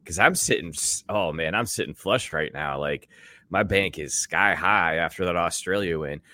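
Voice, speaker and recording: A man's voice: moderate pace, pushed and bright, no echo. A man co-hosting a casual sports podcast, boastful and joking as he talks about bets and games. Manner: boastful, joking, talks in big swings of pitch. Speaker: podcast co-host. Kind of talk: casual sports betting chat.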